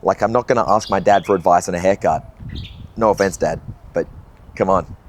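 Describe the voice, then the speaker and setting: Earnest, low-voiced young man musing. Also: fairly quick, a little hiss or hum. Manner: earnest, conversational, casual swearing. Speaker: video essayist. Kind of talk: reflective vlog monologue.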